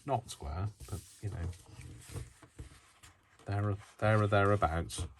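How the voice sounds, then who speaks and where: Casting: a deep-voiced man, chatty craft vlogger, self-mocking asides, noisy home recording. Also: takes it slowly. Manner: rambling, self-mocking, talks to himself while working. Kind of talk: casual chat while crafting. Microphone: built-in camera mic, mic not working.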